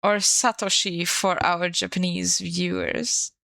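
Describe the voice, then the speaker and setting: A woman's voice: fairly low pitch, little pitch movement, slow, gravelly, bright, forceful tone, no room sound. A woman streamer chatting casually on a live stream, playful and swearing freely into a desk microphone.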